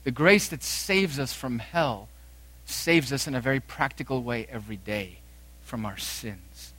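A man preaching a sermon, swinging between loud emphatic declarations and quiet, low phrases. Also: measured pace, breathy edge.

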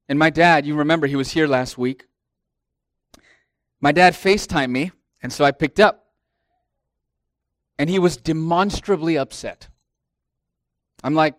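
A middle-aged man delivers a sermon from the pulpit, his voice sitting a little high for a man. He swells into emphatic declarations and then sinks to quiet, confiding asides. The sound is close and dry, with no room around it. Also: no room sound. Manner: preaching with swelling emphasis and dropping to hushed asides. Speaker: pastor.

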